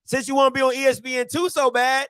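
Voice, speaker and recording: A man's voice: very high voice, flat delivery, fast talker, a bit bright, smooth, no room sound. A male show host ranting animatedly in a casual morning-show talk, repeating his points and mocking others in put-on voices.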